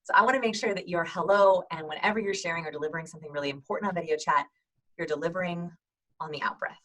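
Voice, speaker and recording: A woman's voice: fairly low pitch, quick pace, rough recording. A woman in her thirties hosting an upbeat instructional video, talking energetically and acting out sample greetings. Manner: energetic, demonstrates voices and greetings. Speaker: host giving video call tips.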